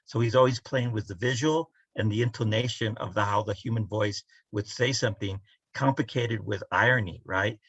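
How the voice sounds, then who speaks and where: A man's voice: on the low side, fairly even intonation, moderate pace, a bit bright, slightly rough, dry recording. A man in casual academic discussion on a video call, lecturing and often asking "right?" to drive points home. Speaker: poet and roundtable panelist. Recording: dull, dry lo-fi video call audio.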